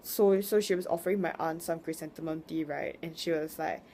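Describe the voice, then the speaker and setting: A woman's voice: low voice, steady tone, fairly quick, dark tone, slight background noise. Rambling young woman venting frankly. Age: young adult. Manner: rambling, frank, swears, emotional. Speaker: vlogger. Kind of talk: casual venting monologue.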